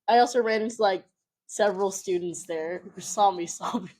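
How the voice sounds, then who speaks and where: A young woman co-hosting a podcast tells a travel story in casual chat, an animated storyteller who acts out the quotes. Her voice is medium-pitched and brisk.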